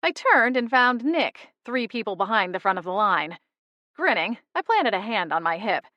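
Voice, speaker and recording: A woman narrating a first-person cozy mystery audiobook in a wry, lively storytelling manner, on a close studio mic. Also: mid-range voice, moderate pace, no room sound, lo-fi sound.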